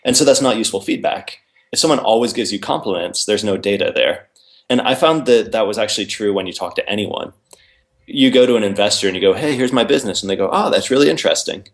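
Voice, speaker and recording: A man's voice: on the low side, fast. A man, an author and interview guest, explaining his ideas in casual conversation and acting out both sides of imagined dialogues.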